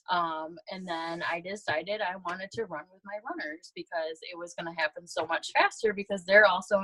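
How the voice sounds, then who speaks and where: Chatty, low-voiced woman on a video call. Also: fairly bright tone, no echo, rough recording. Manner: chatty, lots of ums, upbeat. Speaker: guest team leader. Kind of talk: casual sharing on a video call.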